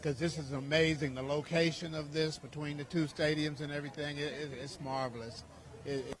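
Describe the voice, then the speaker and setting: A man with a slightly high voice speaks outdoors in praise of someone. His tone is admiring and enthusiastic throughout. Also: fairly even intonation, a little fast. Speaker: interview guest.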